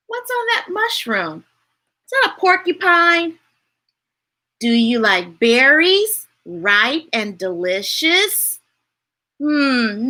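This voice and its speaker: A woman reading picture books aloud to children in a playful, expressive way, asking her listeners questions. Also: high-pitched, slow pace. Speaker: storytime reader.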